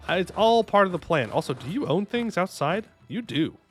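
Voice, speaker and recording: A man streams a strategy game and talks it through with a lively, up-and-down delivery, pitched a little above most men. He chats to himself and his viewers with jokey asides and quick bursts of excitement, while faint music plays under his voice. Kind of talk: casual gameplay commentary.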